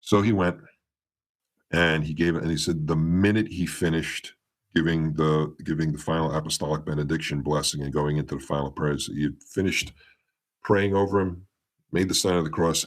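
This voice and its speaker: Very deep-voiced man telling a story. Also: fairly even intonation, normal speed. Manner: meandering retelling with many restarts, acting out quoted dialogue. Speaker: podcast guest. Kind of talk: storytelling in a casual interview.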